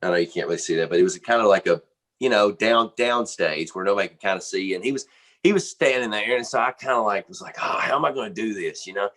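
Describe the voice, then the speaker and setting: Low-voiced man telling a band story. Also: fast talker. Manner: animated, filler-heavy, lots of "man" and "you know". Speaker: band drummer interviewed. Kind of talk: casual storytelling anecdote.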